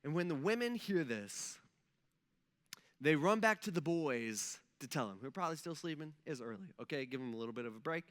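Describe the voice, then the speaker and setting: A young adult man pastor delivers a relaxed, conversational sermon. He jokes, tosses in fillers and side comments, and keeps things informal. His voice is high and bright. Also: brisk. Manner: casual, joking storyteller with lots of fillers.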